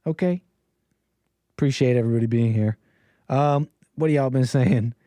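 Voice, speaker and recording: A man's voice: medium pitch, moderate pace, dark tone, dry recording, studio quality. Rambling playful male livestream host. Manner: rambling, playful, talks to the chat. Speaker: call-in show host. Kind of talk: casual livestream chat.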